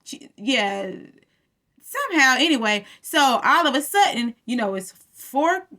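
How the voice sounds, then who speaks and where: A woman's voice: sits high, sing-song, unhurried, sharp tone. A woman casually recapping a TV episode in a chatty storytelling way, acting out the characters' lines as she goes.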